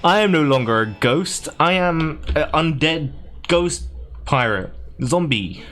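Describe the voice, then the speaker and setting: A man's voice: fairly high pitch, animated, takes it slowly, fairly bright tone. A man voicing a boastful undead ghost pirate villain with a theatrical, gloating delivery, recapping a game story.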